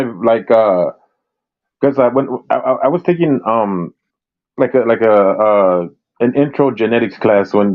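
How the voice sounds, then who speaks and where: A man in casual chat who talks haltingly, full of restarts and fillers. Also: lowish voice, phone-quality sound. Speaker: panel participant.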